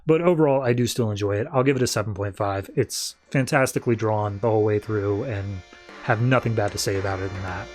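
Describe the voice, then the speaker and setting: A man's voice: lowish voice, a little fast, faint music behind. A man hosting a podcast, casually recapping comic book issues in a loose, chatty way full of filler words. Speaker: podcast host.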